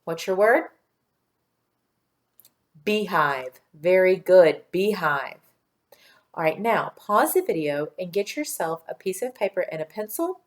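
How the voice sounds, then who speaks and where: A woman teacher giving a patient, clearly spoken phonics and dictation lesson for young children. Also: fairly low pitch, sing-song, unhurried, long pauses.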